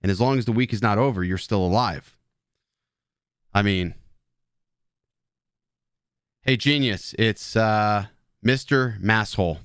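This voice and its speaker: A man's voice: on the low side, takes it slowly, pauses often, a bit bright, clear, resonant tone, no room sound, clean studio sound. A man hosting a casual live stream, joking and swearing at his chat while drinking beer. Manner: rambling, joking, profane banter with chat.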